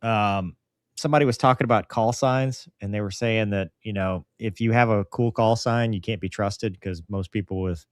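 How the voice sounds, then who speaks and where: A man's voice: fairly low pitch, moderate pace, no echo. A man co-hosting a casual pilot chat show, reading viewer comments with dry, teasing remarks.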